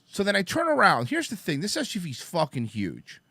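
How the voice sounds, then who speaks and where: A man's voice: high-pitched, a little fast, no room sound, clean studio sound. A man hosting a talk show, telling a story in casual chat, swearing and acting out the people he met. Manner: animated, profane, acts out the other people in the story. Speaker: podcast host telling a story.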